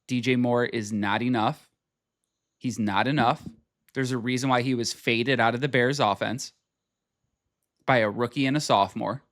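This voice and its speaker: Male sports talk host, mid pitch, blunt and emphatic, dry close recording. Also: a bit bright, no echo. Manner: blunt, emphatic, repeats himself, swears. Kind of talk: casual opinionated sports talk.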